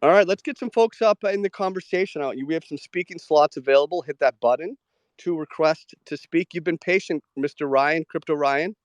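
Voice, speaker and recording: A man hosting a live audio show, chatting casually about trading with many "like" fillers and quick agreeing murmurs. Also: fairly high pitch, dry recording, muffled recording.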